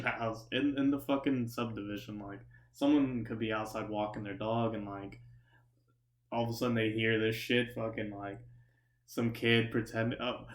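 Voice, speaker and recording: A man's voice: medium pitch, roomy sound. A young man telling a profane, rambling story with many restarts and asides. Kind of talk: casual storytelling.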